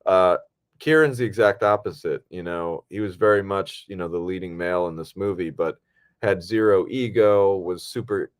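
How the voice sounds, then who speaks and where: A man's voice: deep voice, moderate pace. A man chatting casually as a podcast co-host, easygoing and rambling with plenty of fillers. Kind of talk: casual film podcast chat.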